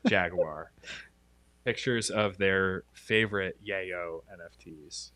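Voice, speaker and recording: A man co-hosting a casual livestream chat, upbeat and quick to laugh, often restarting his sentences. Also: low voice, a bit bright, no room sound. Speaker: stream co-host.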